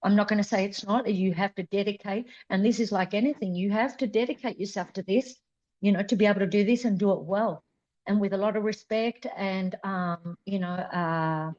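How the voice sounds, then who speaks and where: A woman's voice: mid-range voice, a little mellow, dull audio. A woman in her fifties, a flamenco dancer guest, talking earnestly and repeating words for emphasis in an interview. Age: 50s. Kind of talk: conversational interview.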